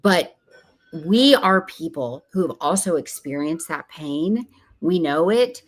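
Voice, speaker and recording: A woman's voice: low voice, expressive, takes it slowly. A woman speaking as an interview guest, earnest and emphatic, sometimes acting out what other people say. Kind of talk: casual interview talk.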